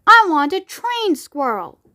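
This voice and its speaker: A woman's voice: very high voice, very animated, slow pace, pushed and bright, voice pushed up, exaggerated voice. A woman voicing a spoiled, demanding rich young girl with a whiny, insistent tone.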